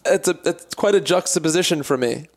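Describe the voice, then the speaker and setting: A man's voice: fairly high pitch, fairly quick. A man hosting a casual interview, chatty and eager, chiming in often with questions and reactions. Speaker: host.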